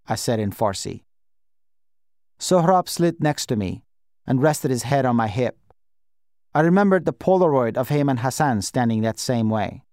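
A man narrating an audiobook in a measured, reflective way. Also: mid-range voice, lively intonation, a little mellow, no room sound, clean studio sound. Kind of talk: scripted narration.

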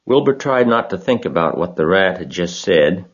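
A man with a husky voice reading a children's story aloud as narrator. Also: low-pitched, lively intonation, moderate pace, few pauses, highs cut off.

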